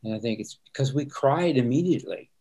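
A man's voice: mid-range voice, lively intonation, a little fast, dark tone. An older man, a pastor, talking earnestly and openly about feeling, with an easy laugh in a candid interview.

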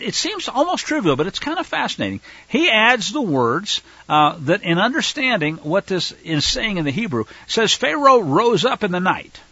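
A man teaching scripture with a fervent, animated delivery, his pitch swinging widely as he talks to the listeners. His voice is bright and a bit husky. The sound is dry and slightly dull. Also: no room sound. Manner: fervent, rises to loud denunciation; conversational asides to listeners. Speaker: fellowship teacher.

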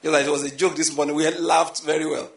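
A man preaching a sermon, animated and repetitive, full of rhetorical questions. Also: fairly high pitch, quick pace, creaky, echoey room. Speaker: pastor.

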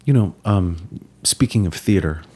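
A man hosts a podcast interview in a relaxed, conversational manner. His voice sits very low. He often checks in with the listener by asking "right?". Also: measured pace. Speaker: podcast host. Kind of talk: casual interview chat.

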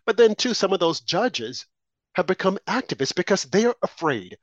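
A man's voice: a little high, dry recording, lo-fi sound. A man co-hosting a political talk show, delivering impassioned, preachy commentary full of rhetorical questions and warnings.

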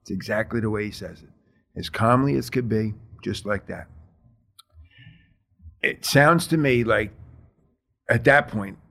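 Man calmly recounting a fire call. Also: on the low side, gravelly. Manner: plain, measured retelling with many fillers. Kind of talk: interview storytelling.

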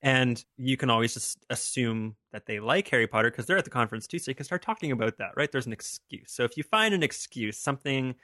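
A man's voice: mid-range voice, animated, fast talker, hardly any pauses, pushed and bright, no room sound, clean studio sound. A young man co-hosting a podcast, chatting casually and rambling through a story with frequent laughs. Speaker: podcast co-host. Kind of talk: casual chat.

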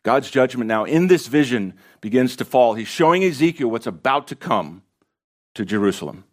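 A man's voice: mid-range voice, lively intonation, normal speed. Impassioned preacher, a man mid-sermon. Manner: impassioned, pressing rhetorical questions on listeners. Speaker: pastor.

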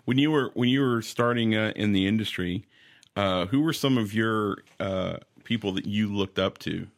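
A man's voice: lowish voice, normal speed. A man hosting an interview, asking questions with eager enthusiasm. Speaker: interviewer host.

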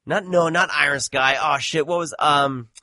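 A man's voice: a little high, fairly even intonation, normal speed, pushed and bright, no echo, clean studio sound. A man hosting a podcast, chatting casually in a rambling, profane, self-deprecating way. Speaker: podcast host. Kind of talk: casual chat.

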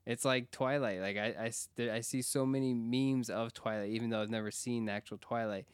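Smooth-voiced man rambling through a recap. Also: mid-range voice, fairly even intonation, brisk, no room sound. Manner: rambling, enthusiastic, frequent fillers. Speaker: podcast co-host. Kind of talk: casual TV recap chat.

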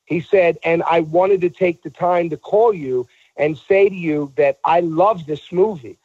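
Animated man telling a story. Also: a little high, measured pace, dry recording, lo-fi sound. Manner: animated storyteller, acts out quoted voices. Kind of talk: casual storytelling in a talk show.

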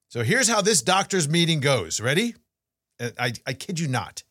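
A middle-aged man co-hosts a podcast and tells stories in an animated, casual way, often restarting his sentences. His pitch swings widely, and the close sound is dry. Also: normal speed, dry recording. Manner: animated storytelling with frequent restarts. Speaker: podcast co-host. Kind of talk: casual chat.

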